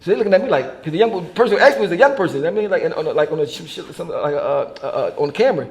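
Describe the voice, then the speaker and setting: A man telling stories in casual, profane conversation, animated and laughing as he goes. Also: fairly high pitch, very fast. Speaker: artist being interviewed. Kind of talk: casual storytelling chat.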